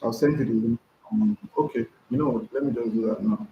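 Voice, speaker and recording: A man's voice: mid-range voice, brisk, gravelly. A man hosting a casual live stream, reading out viewers' comments and answering them, often repeating himself. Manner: chatty, repeats himself, reads comments aloud. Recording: roomy, dull lo-fi sound with faint noise.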